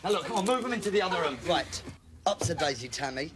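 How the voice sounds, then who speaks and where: An actor playing a menacing robber who barks orders and sneers, in an old TV crime reconstruction. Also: male voice, on the high side, expressive, fast, noisy background, natural voice. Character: menacing male robber, thuggish and mocking.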